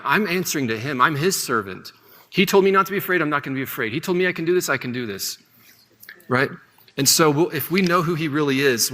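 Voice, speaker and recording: Male Bible teacher, bright forceful tone, long hall reverb, conversational delivery. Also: fairly high pitch. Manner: conversational, often asks "right?". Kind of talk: classroom Bible lesson.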